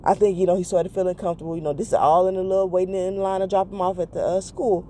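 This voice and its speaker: A woman's voice: fairly low pitch, little pitch movement, quick pace, mellow, slight background noise. A woman hosting a podcast in a casual confessional monologue, rambling and correcting herself with lots of fillers. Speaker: podcast host.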